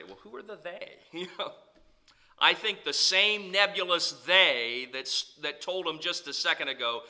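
Man, pastor, preaching, rising and falling delivery, high voice, very bright tone. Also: big pitch swings, moderate pace. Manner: preaching with sweeping rises and drops in pitch and volume. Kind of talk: sermon.

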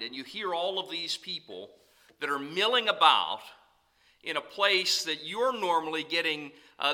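A man preaching as a pastor, swinging between loud calls and soft, low asides. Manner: preaching with sweeping rises and drops in pitch and volume. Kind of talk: sermon.

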